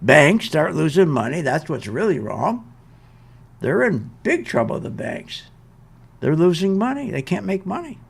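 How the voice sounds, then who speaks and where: A man's voice: a little high, very animated, unhurried, creaky, husky. An older man hosting an investment show, ranting in an exasperated, emphatic way and hammering his points with repetition. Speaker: show host. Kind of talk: animated market commentary rant.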